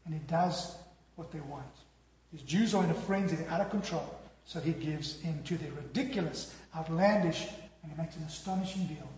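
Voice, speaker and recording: A man preaching a sermon, telling the story dramatically and dropping from loud to hushed. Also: sits high. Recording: echoey hall with long reverb.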